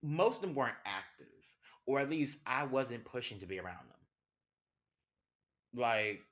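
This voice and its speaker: A man's voice: medium pitch, expressive, measured pace, fairly bright tone. A young man, hosting a podcast as a passionate, conversational monologue full of rhetorical questions. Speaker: podcast host. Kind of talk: personal monologue.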